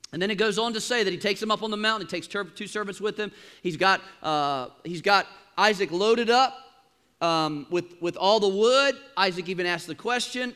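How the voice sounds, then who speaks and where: Guy preaching in church, animated, high bright voice, gets loud then drops soft. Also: normal speed, clear, resonant tone. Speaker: pastor. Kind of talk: sermon. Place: church auditorium.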